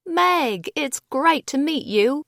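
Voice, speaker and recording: A woman's voice: high voice, animated, slow, creaky, fairly bright tone, no room sound, clean studio sound, voice pushed up, exaggerated voice. A woman doing a bubbly British girl. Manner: chirpy and playful. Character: young British woman floor advisor, bubbly, teasing. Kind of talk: audiobook character voice.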